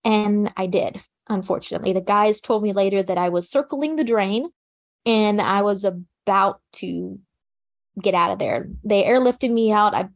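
A woman recounting a personal survival story in an interview, speaking in a calm, practical, matter-of-fact way with casual fillers. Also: mid-range voice. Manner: plain conversational fillers like "you know" and "like". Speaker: interview guest.

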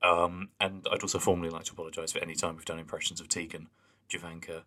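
Deep-voiced man podcast co-host. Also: little pitch movement, fast, pushed and bright. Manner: earnest, reads out listener emails, hesitant fillers. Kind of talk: casual chat.

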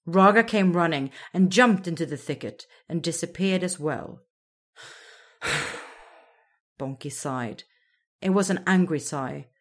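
A woman narrating a children's storybook in a slow, expressive storytelling manner. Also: lowish voice.

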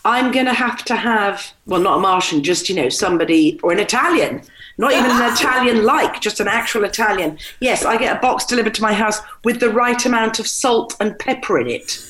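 A woman's voice: medium pitch, a little fast, a bit bright, rough recording. A middle-aged woman speaking as an interview guest, telling stories candidly and mimicking quotes with animation. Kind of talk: conversational interview.

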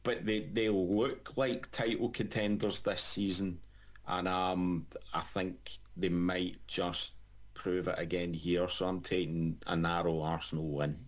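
A man's voice: low voice, level tone, unhurried. A Scottish man giving football predictions in casual podcast chat, hesitant and often restarting his phrases. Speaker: podcast pundit.

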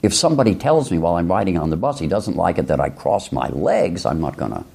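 A man from rural Illinois talks through his ideas like a professor, tossing out rhetorical questions and side remarks. His somewhat low voice is gravelly and husky. It rises and falls in a lively way. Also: quick pace. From rural Illinois, USA. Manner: musing, rhetorical questions, frequent asides. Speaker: philosophy professor. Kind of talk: reflective lecture-style talk.

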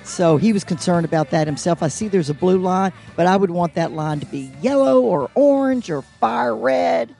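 A man's voice: high voice, lively intonation, moderate pace, creaky, few pauses, dark tone, faint music behind. Joking man with a handheld mic. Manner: joking, rambling, playful. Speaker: co-host, honorary mayor. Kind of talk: casual on-site chat. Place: old theater at a concert.

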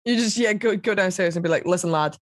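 A woman's voice: medium pitch, fast talker. A woman chatting as a podcast guest, candid and swearing freely as she acts out little quotes. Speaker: podcast guest, TV paranormal investigator. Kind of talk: casual chat.

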